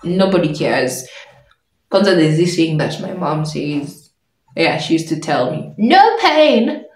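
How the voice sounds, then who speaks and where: A young woman vlogger telling a personal story in an animated way, laughing often as she goes. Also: low voice, unhurried, recorded from a distance. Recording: echoey room.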